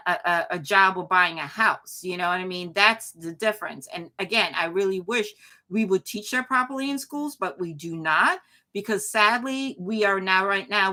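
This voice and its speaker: A woman's voice: medium pitch, sharp tone. A woman hosting a live commentary show, talking emphatically with frequent restarts and replies to chat. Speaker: show host.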